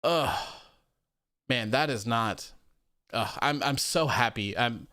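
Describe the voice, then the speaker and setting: A man's voice: medium pitch, slow, pushed and bright, smooth, dry recording, clean studio sound. A young man hosting a live wrestling post-show, chatting casually, reading viewer comments aloud and laughing often.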